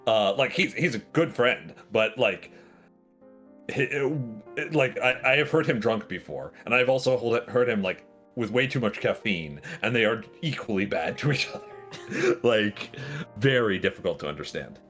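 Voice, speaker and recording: A man's voice: lowish voice, animated, moderate pace, a bit bright, faint music behind. A man chatting casually on a stream call, rambling with lots of fillers. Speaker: stream guest.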